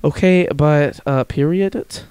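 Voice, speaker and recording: Smooth, higher-voiced joking male podcaster. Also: a little slow, a little mellow, no room sound. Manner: joking, swears a lot, laughs often. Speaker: podcast host and streamer. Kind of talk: casual chat.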